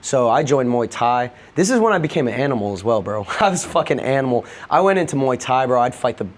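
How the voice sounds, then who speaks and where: A man's voice: medium pitch, sing-song, quick pace. A young man on a podcast, candidly telling a personal story in a loose, rambling way, peppered with swearing. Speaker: podcast guest.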